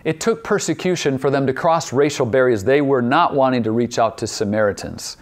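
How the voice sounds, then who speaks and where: A man preaching a sermon as pastor, repeating key phrases and asking the same question again and again, slowing down to stretch out certain words. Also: medium pitch. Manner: poses repeated rhetorical questions; shifts pace, drawing some words out.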